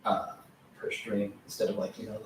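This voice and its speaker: A man's voice: on the low side, monotone, moderate pace. An easygoing man talks casually with his co-host, filling his sentences with "like" and "you know". He is recorded from a distance in a very echoey room with a faint hiss behind him. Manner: loose, filler-heavy speech with many "like" and "you know". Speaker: podcast co-host. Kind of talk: casual chat. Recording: echoey room, far from mic, faint noise.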